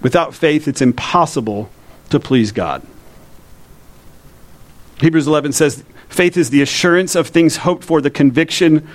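A pastor preaches to his congregation in a church. He keeps it conversational and keeps asking the listeners questions. His voice sits a bit higher than most men's. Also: moderate pace, long pauses. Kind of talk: sermon.

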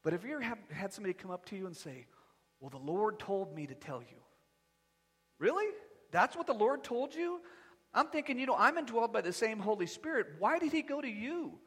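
A man preaching a sermon as pastor, animated and conversational with touches of humor. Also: high voice, fast, breathy edge, big-room sound. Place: church sanctuary.

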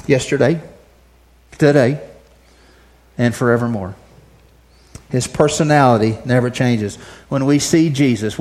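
A man's voice: mid-range voice, a little mellow. A male pastor preaching a sermon in a repetitive, building cadence.

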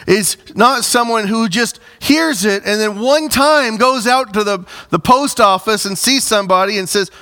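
Male pastor; bright, slightly high voice; emphatic, congregation-facing sermon delivery. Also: moderate pace, few pauses. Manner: preaches with rising emphatic bursts, direct address to congregation.

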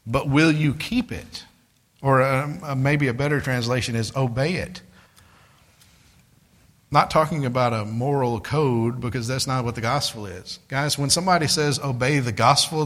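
Telling stories from his time street witnessing, this male preacher gives a conversational sermon and addresses the audience as "guys." He voices other people's quotes, speaking at a normal speed with a mid-range, fairly bright voice.

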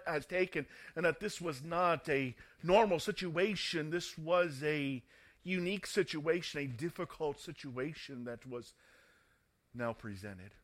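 Guy preaching a sermon, pretty high voice, takes it slow and dramatic. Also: a bit bright. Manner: slow, dramatic, rising to fervent emphasis.

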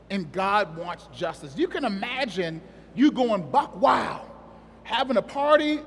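A man's voice: sits high, big-room sound, a little hiss or hum. A man preaching a sermon in a conversational, joking way, asking the congregation questions.

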